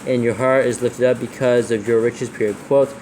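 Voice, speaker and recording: A man proofreading scripture aloud, reading slowly and calling out every comma, quote and capital letter. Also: medium pitch, fairly even intonation, darkish tone, slight background noise. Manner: reads slowly, spelling out punctuation and capitals. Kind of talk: dictating text with punctuation.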